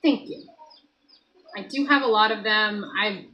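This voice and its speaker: A woman hosting a casual morning live stream from her home kitchen, chatting loosely with viewers and greeting them by name, her voice a little hoarse. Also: medium pitch, a little slow, pushed and bright, lo-fi sound.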